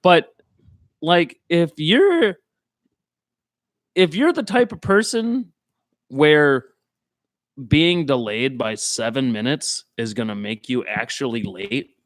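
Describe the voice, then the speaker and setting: A man on a casual podcast who gives blunt opinions full of swearing. His voice is a little high for a man, and the recording is dry and close. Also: lively intonation, slow, long pauses, no echo. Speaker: podcast co-host. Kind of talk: casual chat.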